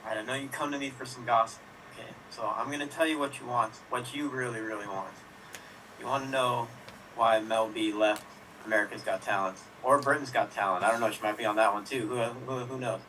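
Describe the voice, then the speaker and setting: A man's voice: mid-range voice, fairly even intonation, a little fast, sharp tone. A man rattles off made-up gossip in a loose, chatty way and cracks jokes at his own expense. He sounds set back from the mic, with a faint hiss behind him. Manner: chatty, self-mocking, profane asides. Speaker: improv performer. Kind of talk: improvised gossip storytelling. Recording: distant mic with faint noise, online stream.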